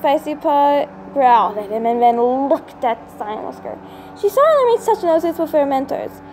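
A woman reading her own fan story aloud, halting now and then to restart and fix words. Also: high-pitched, sing-song, darkish tone, slight background noise. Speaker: storybook reader.

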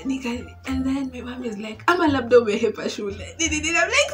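A young woman with a Kenyan accent tells a storytime vlog in a lively, chatty voice that sits a little high. Faint music plays quietly under her voice. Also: fast talker, few pauses. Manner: animated, code-switching English and Swahili slang. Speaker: vlogger.

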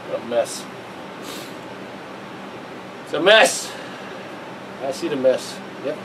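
A man's voice: mid-range voice, animated, takes it slowly, long pauses, background noise. A man giving a casual, rambling vlog monologue, earnest and preachy and breaking into chuckles. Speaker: vlogger.

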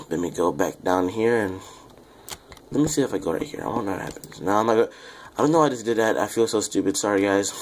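A young man with a lowish, quiet voice that seems to drift away from the microphone, chatting loosely to his viewers as he plays. He rambles, apologizes, and pokes fun at himself. Faint keyboard clicks tick along beneath him. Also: slight background noise. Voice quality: low, quiet voice that sounds off-mic. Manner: rambling, self-deprecating, chatty asides to viewers. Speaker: gaming YouTuber. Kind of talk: casual Let's Play commentary.

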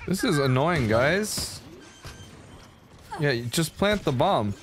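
A young man chats casually while streaming a game, rambling, cursing and venting at his teammates. His voice sits fairly high and jumps around lively in pitch. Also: takes it slowly, background noise. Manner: rambling, swearing, frustrated venting. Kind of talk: casual gaming chat.

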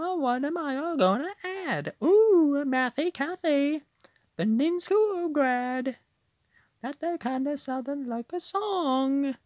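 A woman putting on a goofy, squeaky gamer voice, dropping "uh" fillers between her words. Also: darkish tone, no room sound, studio quality. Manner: stretched words with "uh" fillers between them, playful. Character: goofy squeaky over-the-top gamer voice, adult. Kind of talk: playful put-on voice while gaming.

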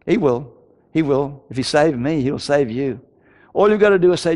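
A man's voice: fairly high pitch, normal speed, a little mellow. An older man, a pastor from Australia, preaching a sermon with passion, repeating words for emphasis and stammering now and then as he tells his story. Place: church.

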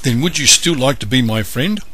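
A man voicing a young male elephant who talks like an excitable child. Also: medium pitch, moderate pace, slight background noise, voice pushed up. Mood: eager. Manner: loud, childlike outbursts. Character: young male elephant, sulky then eager.

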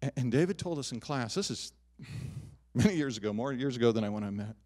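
Brief: middle-aged male pastor, mid-pitched voice, animated sermon delivery with loud peaks and hushed asides. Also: fairly quick. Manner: animated preaching, rising loud on emphatic lines, dropping soft on personal asides. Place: church sanctuary.

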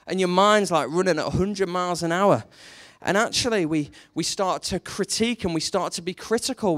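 A man preaching a sermon, telling a story with lively energy and briefly acting out the characters in it. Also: high-pitched. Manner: animated storytelling, acts out quoted characters.

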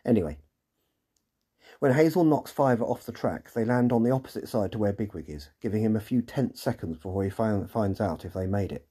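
Dry-witted man with a husky, mellow voice. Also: lowish voice, expressive, brisk. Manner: dry, wry and sarcastic asides. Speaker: podcast host and narrator. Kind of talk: scripted episode recap with commentary.

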